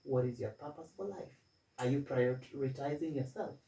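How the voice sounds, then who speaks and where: A man's voice: mid-range voice, moderate pace, gravelly, dark tone, far from the mic. Self-assured young man with stammering restarts. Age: 20s. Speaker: student guest. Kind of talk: casual interview. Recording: echoey room, voice from off-mic.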